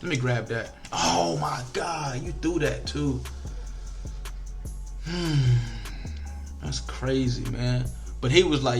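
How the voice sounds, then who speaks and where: A young man swears his way through frustrated, casual commentary on a football video game, alternating rants with stories in an animated manner and African American Vernacular English speech patterns. He speaks slowly in a mid-range voice, with long pauses. Soft background music is audible.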